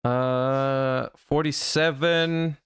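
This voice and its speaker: A man streaming a card game live, thinking his plays through out loud, with sudden excited outbursts. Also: medium pitch, drawn-out words, clean tone, no echo, clean studio sound. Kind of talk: live-stream gameplay commentary.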